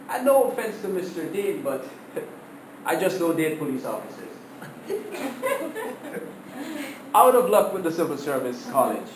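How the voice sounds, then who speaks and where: A man giving a prepared humorous speech to his class, telling stories in an animated way and laughing at his own jokes, heard from across a classroom. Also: fairly high pitch, reverberant, distant mic, slight background noise, rough recording.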